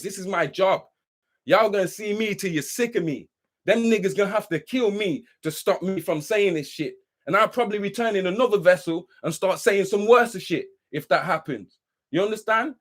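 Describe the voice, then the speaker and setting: High-voiced man ranting heatedly. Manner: profane, preachy, keeps asking "you understand?"; says he is worked up. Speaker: livestream host. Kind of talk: heated ranting monologue on a live stream.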